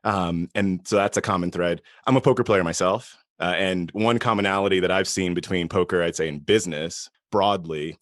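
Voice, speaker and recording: Deep-voiced podcast host, dry sound. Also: male voice, a bit bright, no echo. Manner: measured, builds long questions from ideas. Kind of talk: podcast interview.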